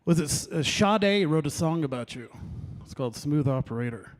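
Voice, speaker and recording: A man performs a stand-up set at an open mic, and his voice sits a little high. He rambles through his stories, pokes fun at himself and talks with the audience as he goes. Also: expressive, moderate pace. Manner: rambling, self-deprecating, crowd work. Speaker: stand-up comedian. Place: comedy open mic in a venue.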